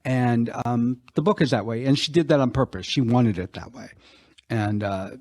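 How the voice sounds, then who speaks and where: A man's voice: medium pitch, normal speed, a little mellow, no echo. A man co-hosting a podcast, reflecting on a film in a conversational way, with dry asides. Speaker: podcast co-host. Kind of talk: casual film discussion.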